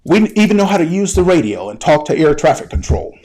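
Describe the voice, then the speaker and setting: A man's voice: fairly high pitch, big pitch swings, a little fast, darkish tone, pitched above the performer's own voice. A man playing a bluntly honest male airline captain who speaks in a casual, breezy way. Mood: breezy candid.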